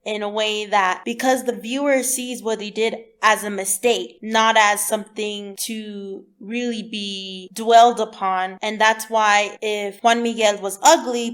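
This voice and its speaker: A young woman giving a blunt, animated, profane show review as a casual vlog. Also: mid-range voice, moderate pace, few pauses. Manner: animated, blunt, swears freely.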